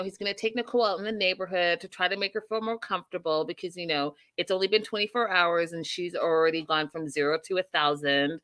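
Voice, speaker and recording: A woman's voice: lowish voice, a bit bright, smooth. A woman hosting a casual reality TV recap chat, talking with animation, acting out quotes and laughing often. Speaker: host.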